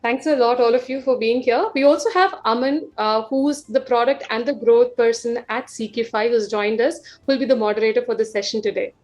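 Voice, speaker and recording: A woman hosting and politely introducing a panel, pausing with "uh". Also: on the high side, a little mellow. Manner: polite, scripted introductions with "uh" pauses. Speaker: event host.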